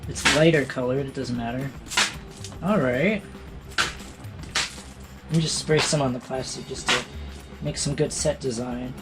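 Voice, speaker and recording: A man's voice: mid-range voice, measured pace, pauses often, loud music behind the voice. A man hosting a casual art tutorial, joking and talking to himself as he works. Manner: playful, self-amused, talks to himself while working.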